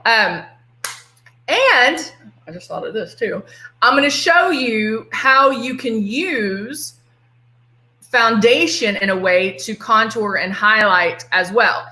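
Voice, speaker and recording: This makeup artist's voice is a little high, expressive and slow, with a bright, forceful tone and a Texan accent. A middle-aged woman from Texas, she chats playfully through a casual live tutorial and greets viewers by name, her voice echoing around the room.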